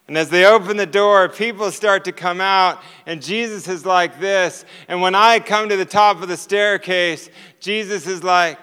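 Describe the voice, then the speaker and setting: A man telling a personal testimony as a sermon, animated and storytelling. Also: sits high, clear, resonant tone, in a large hall. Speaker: preacher.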